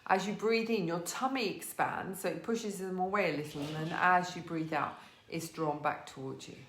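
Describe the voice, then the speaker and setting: A woman teaching a live online yoga class from her living room, giving gentle, encouraging cues and greeting students by name. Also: lowish voice, normal speed, echoey room, slight background noise. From England.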